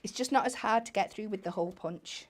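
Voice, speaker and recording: A woman's voice: medium pitch, quick pace. Woman chatting thru a card craft demo, mid voice, bit of hiss. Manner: chatty, explaining step by step. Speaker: craft demonstrator. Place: TV craft studio.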